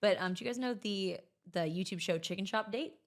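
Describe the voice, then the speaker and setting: A woman co-hosting a podcast, chatting casually with dry, self-deprecating humor and quick laughs. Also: medium pitch. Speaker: podcast co-host. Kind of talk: casual chat.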